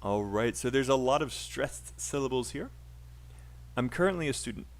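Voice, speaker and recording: A man's voice: medium pitch, expressive, normal speed. A man with a British accent teaching a live online English pronunciation class, upbeat and encouraging with frequent fillers.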